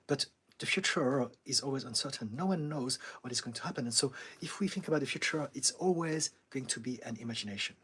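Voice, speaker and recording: Calm, husky-voiced male therapist. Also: medium pitch, fast talker. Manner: calm, steady and reassuring, with frequent light laughs. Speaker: therapist hosting a live Q&A. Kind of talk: live-stream Q&A, reading chat comments.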